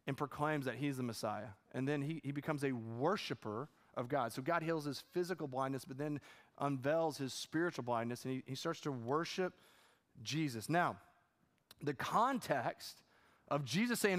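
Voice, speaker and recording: A man preaching from the stage of a church. His voice sits a little high and carries a long reverb through the room. He talks in an easy, conversational way, then drives points home with repeated, rising lines. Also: lively intonation, normal speed, fairly bright tone. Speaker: pastor. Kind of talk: sermon. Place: church auditorium.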